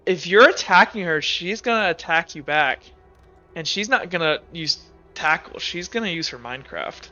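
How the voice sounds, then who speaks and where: A man's voice: on the high side, animated, normal speed, bright, forceful tone, muffled recording, faint music behind. A man narrating as game master of a tabletop game, rambling with lots of fillers. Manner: rambling, filler-heavy narration with frequent restarts.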